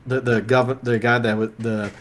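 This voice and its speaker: A man's voice: medium pitch, flat delivery, normal speed. A man with a Georgia Southern accent, the guest in a casual interview, rambling with lots of filler words. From born in Florida, raised in Georgia. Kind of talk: casual chat.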